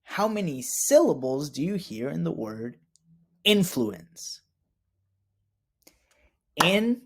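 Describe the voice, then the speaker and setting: A man teaching a recorded lesson to young students, speaking slowly and clearly with repeat-after-me prompts. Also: on the high side, sing-song, a little mellow.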